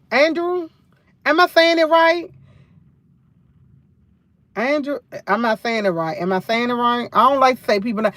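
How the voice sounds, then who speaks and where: Chatting away on a livestream, a New York woman speaks in a slightly high, fairly bright voice captured in a dry recording. She hosts casual live chat, telling rambling stories and repeating phrases as she goes.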